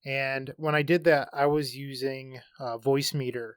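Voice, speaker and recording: Man, podcast co-host, eager explainer, dry close sound, mid pitch. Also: steady tone, normal speed, smooth, no room sound. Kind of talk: casual podcast chat.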